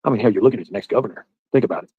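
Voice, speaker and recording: Husky, rambling livestream man. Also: mid-range voice, very fast, dry recording, phone-quality sound. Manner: rambling, loud, profane banter with viewers. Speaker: livestream host. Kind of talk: casual livestream chat.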